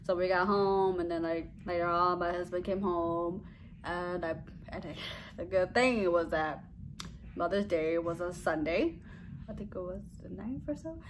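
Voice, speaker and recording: A woman's voice: on the low side, unhurried, slight background noise. A young woman vlogging a casual story, rambling and giggly, often trailing off with "blah, blah, blah.".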